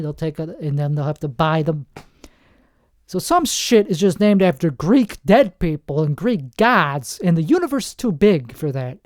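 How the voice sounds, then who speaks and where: A man's voice: fairly high pitch, darkish tone, no echo, clean studio sound. A man hosting a podcast in a rambling, self-mocking comedic monologue, trailing off and restarting his sentences. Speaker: podcast host. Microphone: podcast microphone.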